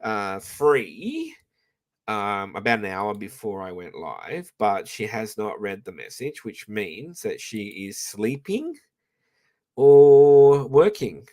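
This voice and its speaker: A man's voice: on the low side, very animated, slow, fairly bright tone. A man hosting a livestream, chatting in a rambling, profane way with frequent restarts, on a professional microphone. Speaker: livestream host. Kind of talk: rambling live-stream chat.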